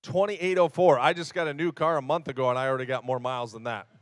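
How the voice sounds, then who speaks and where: A man working as an auctioneer, calling bids in a rapid, repetitive chant with quick asides. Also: mid-range voice, steady tone, no room sound.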